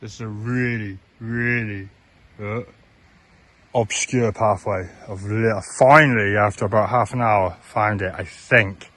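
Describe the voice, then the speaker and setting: A man from south-west England keeps a rambling, halting hiking diary outdoors, full of fillers and restarts. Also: fairly low pitch, fairly even intonation, a bit bright, poor audio. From Plymouth, south-west England. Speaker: hiker and vlogger. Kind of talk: casual spoken hiking diary. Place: outdoors on open moorland and in woodland. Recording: outdoor camera audio with wind noise.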